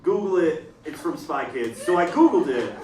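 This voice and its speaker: A young man doing a stand-up comedy set, animated, acting out voices and yelling punchlines. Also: fairly high pitch, normal speed, crowd noise. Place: comedy club stage. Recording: roomy club sound from a distance. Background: audience laughter.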